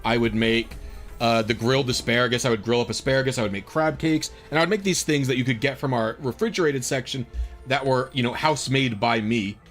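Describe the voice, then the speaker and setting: Soft music plays behind a man whose medium-pitched voice has a fairly bright tone and a slightly fast pace. As he streams a game, he wanders through a casual story with plenty of fillers and exasperated asides.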